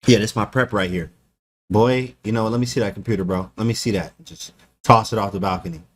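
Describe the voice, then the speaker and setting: A man's voice: lowish voice, fairly even intonation, fast talker, natural voice. A man putting on the voice of a cocky young player who brags about his chess preparation in slangy talk. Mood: boastful. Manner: slangy, boastful.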